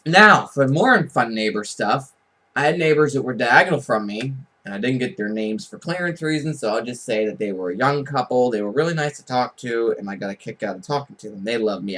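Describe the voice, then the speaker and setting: A man telling casual, rambling stories straight to the camera. He talks in a chatty, offhand way and laughs at his own punchlines. His voice sits at an ordinary middle pitch. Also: animated, fairly quick, fairly bright tone, rough recording. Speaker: vlogger. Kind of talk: casual storytelling.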